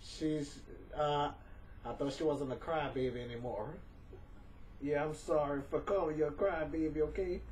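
A man's voice: fairly high pitch, steady tone, moderate pace, a little mellow. A man talks casually at home for a home video, chatty and coaxing, often stammering and repeating words. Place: indoors at home. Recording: voice distant from the camera mic, faint room noise.

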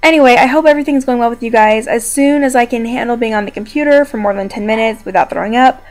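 With a fairly high pitch and quick pace, a young woman records a casual vlog in a downstairs room of her home. She's in pain from an injury but remains quietly upbeat, chatting and rambling on to her viewers.

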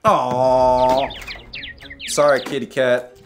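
A young man giving casual, joking commentary while playing a mobile game, reacting loudly and making sound effects. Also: mid-range voice, level tone, very slow, very noisy.

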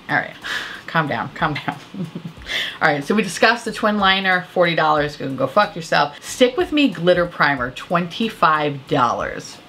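A woman's voice: mid-range voice, slight background noise. A woman vlogger reviewing makeup releases in a profane, exasperated rant. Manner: exasperated, profane, animated ranting. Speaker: beauty vlogger. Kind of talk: profane ranting commentary on product prices.

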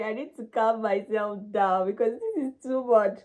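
A woman from Nigeria with a Nigerian accent, hosting a casual, chatty reaction video in an excitable way. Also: a little high, normal speed, hardly any pauses. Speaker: YouTube reaction host.

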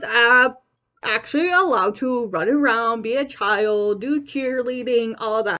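A woman's voice: sits high, pushed and bright. A young woman vlogger rambling casually to camera, often laughing and restarting her sentences. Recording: dull lo-fi recording.

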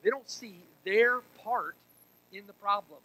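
A male pastor with a high-sitting voice preaches at an unhurried pace, shifting between quiet intensity and loud emphasis. He throws rhetorical asides to the congregation, and the recording quality is low.

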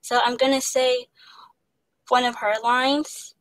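Slow, stuttering young woman. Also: sits high, flat delivery, fairly bright tone, no room sound, poor audio. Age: young adult. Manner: heavy stutter with many fillers and repeats. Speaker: guest, actor. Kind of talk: casual interview.

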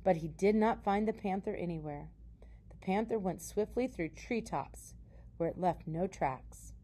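A woman, a teacher, reading a children's novel aloud in a calm, soft storytelling voice. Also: medium pitch, unhurried.

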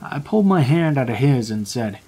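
Male horror narrator, husky and measured, rain in the background. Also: mid-range voice, sing-song, mellow. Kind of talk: scripted horror story narration.

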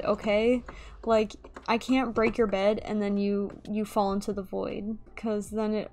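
A woman's voice: on the high side, a little mellow. A young woman giving playful, theatrical live gameplay commentary, pleading with other players as she goes. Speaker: gaming YouTuber. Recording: faint keyboard clicking behind. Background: keyboard typing and clicks.

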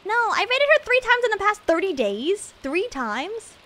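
Bubbly high-voiced woman streamer. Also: normal speed. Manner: rambling, self-mocking, jumps between mumbling and loud excitement. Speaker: game streamer. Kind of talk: live gameplay stream chatter.

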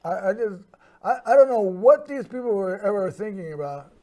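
This show host rambles through a personal anecdote, stumbling over fillers and starting sentences again. He has a high, animated voice with a dark tone and talks at a normal speed.

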